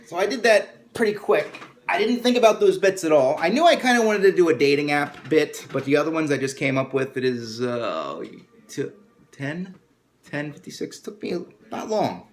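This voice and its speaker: A man's voice: on the high side, very animated, moderate pace, a little hiss or hum. Male comic vlogger, loose and rambling, pokes fun at himself, phone-recorded. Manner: rambling, self-deprecating, many restarts. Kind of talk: casual vlog talk.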